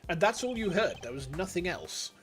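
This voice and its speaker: A man's voice: a little high, huge pitch swings, music in the background. Man reading a cool formal prosecutor. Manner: measured, precise, formal.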